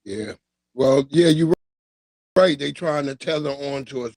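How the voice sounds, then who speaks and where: A man's voice: mid-range voice, measured pace, darkish tone, no room sound, studio quality. A man hosting a livestream, talking loosely and offhandedly in slang to his viewers. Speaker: livestream host. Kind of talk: casual livestream chat.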